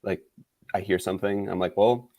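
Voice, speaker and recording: A man's voice: deep voice, fairly even intonation, moderate pace, warm tone. A man co-hosting a podcast, chatting casually and joking with laughter. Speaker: podcast co-host.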